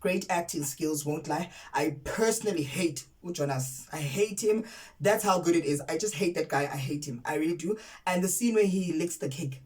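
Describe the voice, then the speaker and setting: A woman's voice: lowish voice, normal speed, a little mellow, recorded from a distance, poor audio. A woman from South Africa giving a casual, emphatic spoken review of a TV series, often repeating words for effect. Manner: outraged and candid. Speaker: TV series reviewer, content creator.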